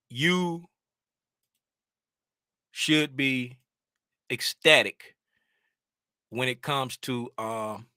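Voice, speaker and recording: A man hosting a casual trading livestream from his home desk, rambling and animated, getting loud when he is fired up. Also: mid-range voice, dry recording, clean studio sound.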